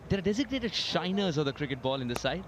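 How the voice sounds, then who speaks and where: A man calling live cricket play-by-play, lively and lifting his voice on big moments. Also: a little high, quick pace, a little hiss or hum. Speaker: cricket commentator. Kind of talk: live sports commentary.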